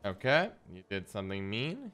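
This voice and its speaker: A man's voice: on the low side, wildly swooping pitch, moderate pace, a bit bright, clear, resonant tone, faint music behind. A man streaming a card game, chatting playfully with his viewers and answering chat as he plays. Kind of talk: casual live-stream gameplay commentary.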